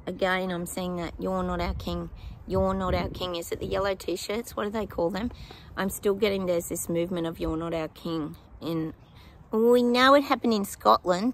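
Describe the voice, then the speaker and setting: A woman's voice: on the low side, a little hiss or hum. A woman giving psychic predictions to her viewers in a casual, chatty way, with many ums and apologetic asides.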